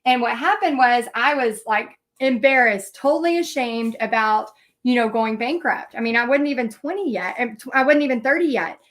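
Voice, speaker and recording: High-voiced chatty woman teaching painting. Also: expressive, moderate pace, few pauses, fairly bright tone. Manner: chatty, frequent fillers and restarts. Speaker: paint party instructor. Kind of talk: live painting lesson with personal storytelling.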